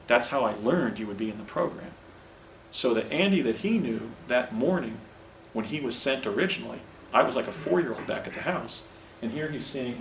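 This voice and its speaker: A man giving a public lecture in an earnest, halting way, often restarting his sentences. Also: medium pitch, vocal fry, a little hiss or hum. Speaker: presenter. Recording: roomy, distant lecture recording with faint ambience.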